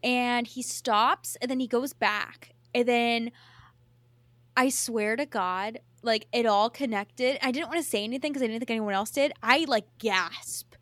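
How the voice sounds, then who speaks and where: Mulher animada, muitos "tipo". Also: female voice, on the high side, normal speed, no room sound. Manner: excited, swears often, many "like" fillers. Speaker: podcast co-host. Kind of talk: casual chat.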